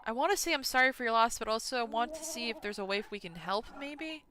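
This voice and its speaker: A woman's voice: on the high side, expressive, fast, sharp tone, a little hiss or hum. A woman streaming a game, chatting casually and expressively, swearing when frustrated and laughing often. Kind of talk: casual gameplay commentary.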